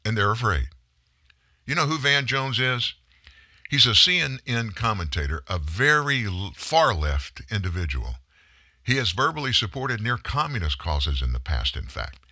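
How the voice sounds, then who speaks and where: A man's voice: medium pitch, big pitch swings, moderate pace, bright, forceful tone, no room sound, studio quality. A man giving a political commentary monologue, emphatic and sarcastic, full of rhetorical questions.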